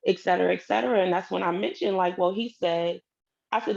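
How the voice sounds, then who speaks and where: A woman's voice: fairly low pitch, fast, vocal fry, lo-fi sound. A woman telling a personal story in a casual way, acting out the lines of the people in it. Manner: animated, acts out quoted dialogue.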